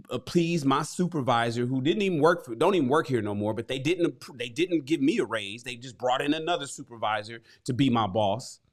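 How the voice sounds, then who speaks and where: A man's voice: mid-range voice, voice pushed down, close to an everyday voice. Guy playing a broke chariot maker venting, cussing and slangy, voice jumps all over the place. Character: frustrated working-class male chariot builder. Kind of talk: comic slang retelling of a parable.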